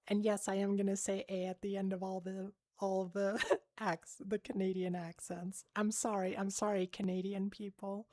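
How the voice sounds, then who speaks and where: A woman's voice: mid-range voice, flat delivery, moderate pace, dark tone, no room sound, clean studio sound. A woman chatting on a livestream and reading out chat, rambling with many fillers and giggles. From United States.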